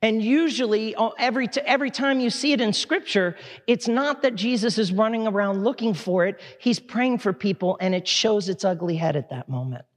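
Male preacher with a high voice, fervent yet chatty sermon delivery, echoing through a large reverberant church. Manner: impassioned, conversational preaching with quick asides. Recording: long hall reverb.

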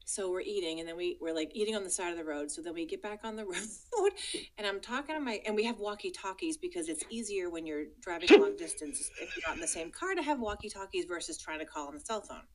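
A woman's voice: on the low side, lively intonation, fast, poor audio. A woman co-hosting a movie podcast, telling a personal story in casual chat, laughing often and acting out the quotes. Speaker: podcast co-host.

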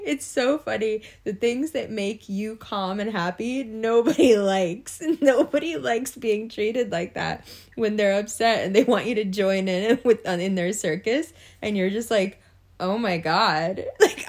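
A young woman speaks casually to the camera with an expressive, mid-range voice. She laughs often, mimics people's reactions, and draws out her delivery through the monologue.

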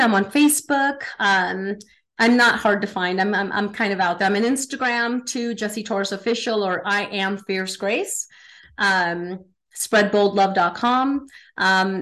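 A woman speaking as a podcast guest, an energetic, emphatic performance coach who often tags her sentences with "right?". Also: medium pitch. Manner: impassioned motivational delivery. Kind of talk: casual podcast interview.

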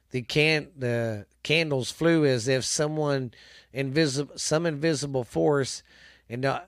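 A man hosting a podcast, reading ghost stories aloud in a halting, casual way with many restarts. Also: medium pitch, no room sound, studio quality.

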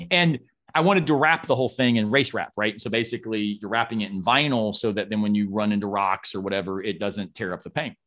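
Middle-aged man, animated storyteller. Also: fairly low pitch, fairly quick. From United States. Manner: animated storyteller, laughs often, frequent fillers. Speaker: philosophy professor guest. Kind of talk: casual conversational interview.

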